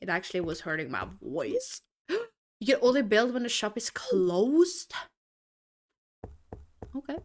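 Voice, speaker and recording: A woman's voice: a little high, sing-song, measured pace, pauses often. A woman streamer chatting casually with her viewers while playing a game, rambling and giggling through asides. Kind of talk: casual live-stream gameplay chat.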